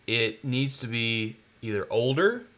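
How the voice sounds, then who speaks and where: A man's voice: medium pitch, animated, a little slow, fairly bright tone. A man co-hosting a live whiskey show, rambling and joking, with lots of restarts and filler words. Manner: rambling, full of restarts and uh's, jokey. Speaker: co-host of a bourbon show. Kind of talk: casual live-stream chat.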